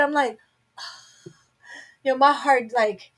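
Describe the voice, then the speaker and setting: A woman's voice: high voice, fairly even intonation, slow, rough recording. Candid woman chatting on a home livestream. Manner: candid, rambling, talks to herself. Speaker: live stream host. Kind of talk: casual chat to viewers.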